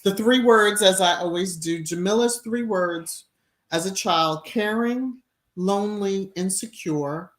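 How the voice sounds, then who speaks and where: A woman's voice: medium pitch, slow pace. A middle-aged woman hosting a casual live stream, reading viewer comments aloud, laughing often and breaking into little sung phrases.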